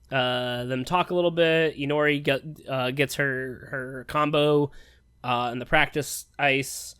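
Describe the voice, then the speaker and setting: A man co-hosting a podcast, recapping episodes in loose, profane casual chat with quick quoted asides. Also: medium pitch, a bit bright, clear, resonant tone, no echo, studio quality. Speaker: podcast co-host. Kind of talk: casual anime review chat.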